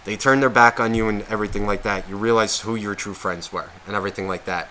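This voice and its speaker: Bright-voiced, rambling, foul-mouthed man. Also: fairly low pitch, steady tone, quick pace, slight background noise. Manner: rambling, swears constantly, restarts and questions himself; grows loud and heated when worked up. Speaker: podcast co-host. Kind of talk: casual podcast chat.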